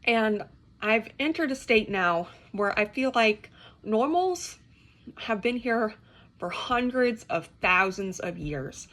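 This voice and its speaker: A woman's voice: a little high, expressive, slow pace, a bit bright. A young woman rants to the camera about keeping reptiles. She swears, restarts her sentences and sounds exasperated. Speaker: reptile keeper. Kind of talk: ranting to camera.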